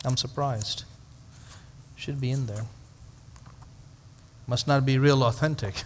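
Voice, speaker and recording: A man's voice: medium pitch, steady tone, slow, big-room sound, a little hiss or hum. A male pastor teaching a Bible study to a live audience in a conversational way, asking rhetorical questions and adding dry humorous asides.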